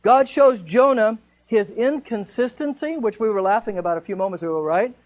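A man's voice: high voice, normal speed, darkish tone, low-quality recording. A man leading a Bible study, teaching in a conversational way and asking the group rhetorical questions.

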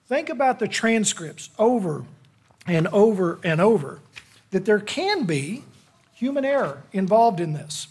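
A man's voice: sits high, lively intonation, unhurried, a little mellow, slightly rough. A middle-aged man, a lay preacher delivering a sermon to a church in a folksy, self-deprecating, conversational manner.

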